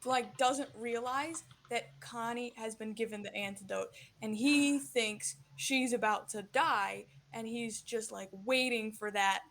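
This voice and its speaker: A woman narrating a tabletop game as game master, talking loosely with plenty of filler words. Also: on the high side. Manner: loose, lots of likes.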